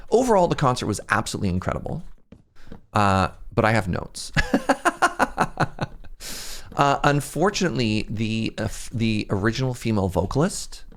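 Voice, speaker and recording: A young man streaming a game, chatting casually and rambling, laughing at himself often. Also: lowish voice. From Canada. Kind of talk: casual livestream chat while gaming.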